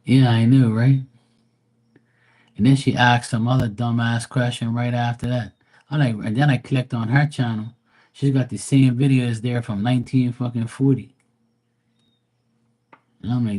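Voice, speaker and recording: A man rants casually on a live stream, profane and mocking, drawling out quotes from others in exasperated mock voices. He speaks at a medium pitch, a little slowly, with a darkish tone.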